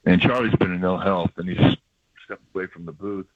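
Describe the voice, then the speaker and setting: An older male baseball broadcaster chatting on the radio, reflective and rambling, with a husky voice. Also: sits low, steady tone, a little fast, no room sound. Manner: reflective, rambling storyteller with laughs. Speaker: baseball broadcaster, regular guest. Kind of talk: emotional casual radio chat. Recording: dull lo-fi radio audio.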